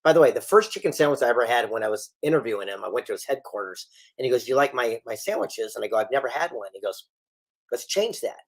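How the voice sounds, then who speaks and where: A man's voice: mid-range voice, animated, fast talker, hardly any pauses. A middle-aged man, a guest author and speaker, telling stories in an interview and acting out the dialogue he quotes. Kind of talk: storytelling interview.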